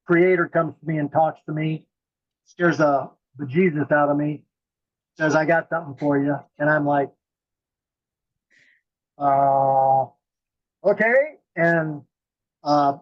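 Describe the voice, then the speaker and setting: A man's voice: fairly high pitch, lo-fi sound. A man telling his story bluntly and animatedly in an interview, acting out the quotes. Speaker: guest, mystic.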